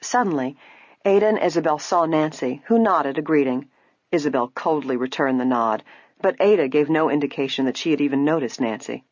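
Husky low-voiced woman narrator. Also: fairly quick, no room sound, dull audio. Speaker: audiobook narrator. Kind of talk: scripted narration.

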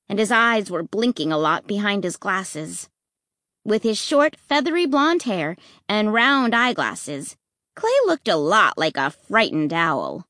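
A woman reads a children's story aloud in an expressive, measured way. Her delivery is slow and her pitch moves a great deal. The sound is close and dry. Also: dry recording. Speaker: narrator. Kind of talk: storybook narration.

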